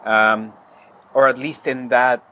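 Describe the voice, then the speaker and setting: A man's voice: medium pitch, fairly even intonation, slow pace, sharp tone, low-quality recording. A man as a podcast guest, talking casually in a rambling way with many fillers and restarts. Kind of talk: casual interview chat.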